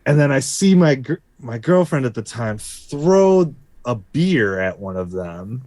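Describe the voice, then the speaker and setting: A man's voice: medium pitch, big pitch swings, unhurried, a little mellow, no echo. A man co-hosting a casual podcast, laid-back, telling band stories and swearing freely. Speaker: co-host, musician.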